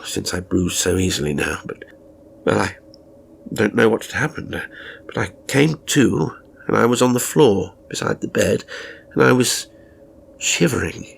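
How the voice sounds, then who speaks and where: A man's voice: fairly low pitch, creaky, a little hiss or hum. A man narrating an audio horror story in the first person, rambling and confessional, with hesitant restarts.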